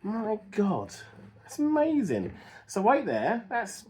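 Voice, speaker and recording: A high, slow, slightly mellow voice with wildly swooping pitch belongs to a man restoring an old car in his home workshop. He talks casually to camera, cracks jokes about himself and chats to himself as he works. Dogs bark over the workshop din.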